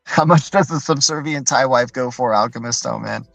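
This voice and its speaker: A man's voice: medium pitch, normal speed, gravelly, fairly bright tone, no echo, soft background music, rough recording. A man hosting a live stream in a loose, rambling way, tagging his points with "right?" and answering viewer chat as he goes. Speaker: livestream host.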